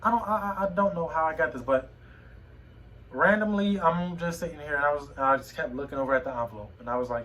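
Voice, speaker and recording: A young man talking to a phone camera at home in a personal vlog, emotional and halting, often repeating his words. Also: fairly high pitch, a bit bright, far from the mic, a little hiss or hum, rough recording. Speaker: vlogger. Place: home room.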